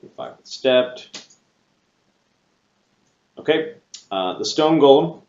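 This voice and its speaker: A man narrating as game master of a tabletop game at a table with players, pausing often with ums and restarts. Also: mid-range voice, lively intonation, darkish tone, echoey room, dull audio. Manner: halting, frequent restarts and ums. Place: room with several players around a table.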